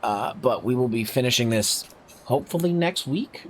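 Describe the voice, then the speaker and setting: A man's voice: mid-range voice, expressive, moderate pace, breathy edge. A man hosting a game stream in casual chat, swearing freely and laughing often. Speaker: streamer host.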